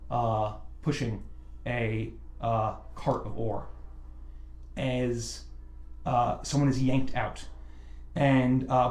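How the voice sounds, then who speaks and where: A man narrating a tabletop game as game master, slow and hesitant with many fillers. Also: medium pitch, a little mellow. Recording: roomy sound with faint music.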